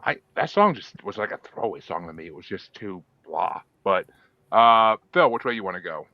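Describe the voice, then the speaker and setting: A man's voice: low-pitched, animated, moderate pace, gravelly, no room sound, highs cut off. A man hosting a casual podcast, calling on guests to vote and swearing freely. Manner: loose, profane, moderates the votes. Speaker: podcast host running a song bracket.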